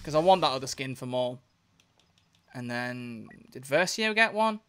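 A young man streaming a video game live, excitable and swearing a lot as he comments. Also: medium pitch, a little slow, clean tone. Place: home gaming setup at a desk.

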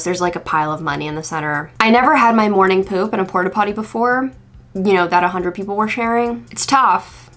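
A woman vlogger recounting a story in relaxed, chatty talk with a middle-range voice. She fills her sentences with "like" and keeps the telling animated and conversational. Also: lowish voice. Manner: chatty, animated, lots of "like" fillers. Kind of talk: casual storytime chat.

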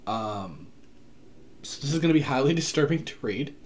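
Chatty excitable man showing off books. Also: mid-range voice, normal speed, slight background noise. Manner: chatty and excitable, many fillers and asides. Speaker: book vlogger. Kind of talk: casual book haul chat. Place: home room.

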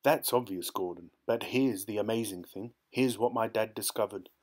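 A man's voice: lowish voice, moderate pace, darkish tone, natural voice. A man voicing a sly middle-aged male country poacher who talks in an eager, conspiratorial way, in a storybook reading.

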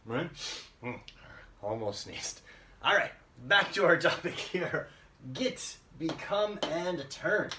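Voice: mid-range voice, sing-song, slow pace, noisy background. Chatty english teacher, keeps asking "right?", roomy echo, kinda far from the mic. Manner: playful, chatty, checks in with listeners often. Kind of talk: casual English lesson for Japanese learners.

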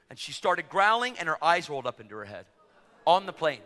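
A man preaching a storytelling sermon in a church or event hall, animated and swinging from hushed asides to shouts. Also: on the high side, a little fast. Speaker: evangelist preacher. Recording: echoey hall with faint music.

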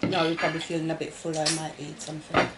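A woman's voice: sits low, level tone, fast. A British woman, a mother, chatting casually to viewers and her family over a meal at home. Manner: chatty, laughing often, talks to viewers. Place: family home at the dinner table. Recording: noisy home recording with clatter of dishes.

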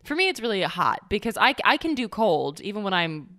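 A woman's voice: medium pitch, sing-song, a little fast, fairly bright tone. A woman co-hosting a podcast in casual chat, rambling and self-mocking, with plenty of swearing. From North Carolina. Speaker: podcast co-host.

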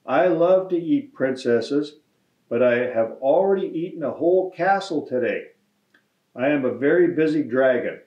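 A man's voice: a little high, lively intonation, moderate pace, roomy sound, muffled recording, close to an everyday voice. A man voicing a boastful, vain male dragon in a storybook reading.

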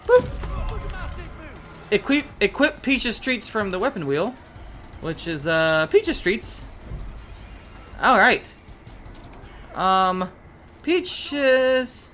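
Excitable young woman gaming, animated pitch. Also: very slow, pauses often, soft background music. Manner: chatty and excitable, shrieks at sudden scares; coaxing baby talk to an in-game pet. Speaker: gaming video host. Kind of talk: casual let's-play commentary.

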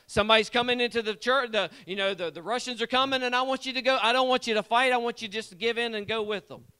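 In a church sanctuary, a man with a very high, bright, pushed voice preaches fast and clean, fervently repeating himself and calling out congregation members by name. He's a lay preacher who also plays guitar for the church.

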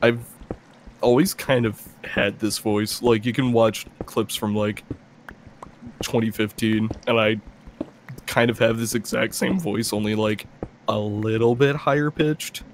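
Low-voiced young man chatting over gameplay. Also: steady tone, unhurried, slight background noise. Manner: rambling, swears, laughs often. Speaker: gameplay video player. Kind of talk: casual gameplay chat.

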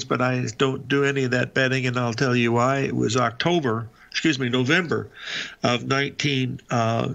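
An older man hosts a live trading show, giving market commentary in a folksy, rambling style full of fillers and restarts. His voice is medium in pitch, a bit bright, with some vocal fry.

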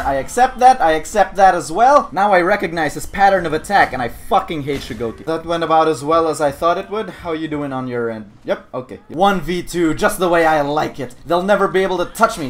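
A man giving casual gameplay commentary, excitable and swearing, slipping into mock-heroic banter. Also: a little high, fairly quick, few pauses. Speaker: gaming commentator.

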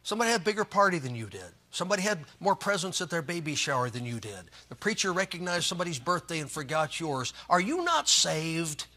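Bright-voiced preacher man. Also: a little high, big pitch swings, fast, hardly any pauses. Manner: folksy, joking preaching with Bible readings. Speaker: pastor. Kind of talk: sermon.

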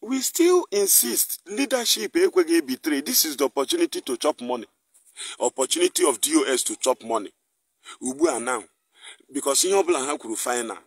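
A man with a Nigerian accent ranting through a live online broadcast, his voice sitting a little higher than most men's. He slides between English and Igbo and hammers his listeners with repeated, scornful questions. The sound is dry and close, with no room around it. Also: expressive, fairly quick, breathy edge, no echo. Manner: heated, mocking, repeats angry rhetorical questions. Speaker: activist broadcaster.

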